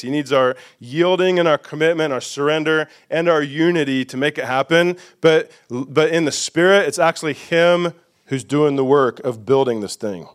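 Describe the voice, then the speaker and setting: A man preaching a sermon to his congregation as pastor, emphatic and repetitive, putting questions to the listeners. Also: on the high side. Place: church sanctuary.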